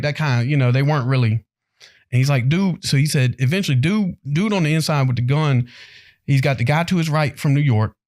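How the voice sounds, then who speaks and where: A man from North Carolina in the US co-hosts a podcast, chatting casually and animatedly acting out the people in his stories and their quotes. His voice is on the high side, with clean studio sound and no room sound.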